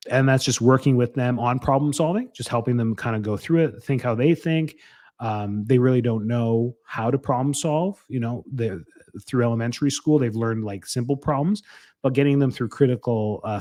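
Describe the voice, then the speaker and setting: On a casual solo podcast, a man in his thirties talks earnestly and at length in a medium-pitched, somewhat mellow voice. He often goes back to correct what he just said.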